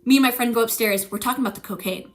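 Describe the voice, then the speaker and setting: A young woman streamer telling a story in casual chat, animated and profane, acting out the voices of the people she quotes. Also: fairly high pitch, rapid-fire.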